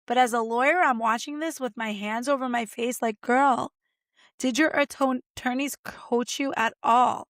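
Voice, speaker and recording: A woman lawyer hosting a podcast, giving chatty, expressive legal commentary and talking straight to her listeners. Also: fairly high pitch, no room sound, clean studio sound.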